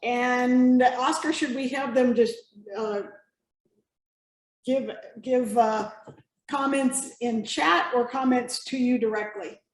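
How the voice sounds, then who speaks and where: A woman hosting an online club meeting, introducing speakers in a measured way. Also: a little high, steady tone, reverberant, low-quality recording. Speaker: meeting host.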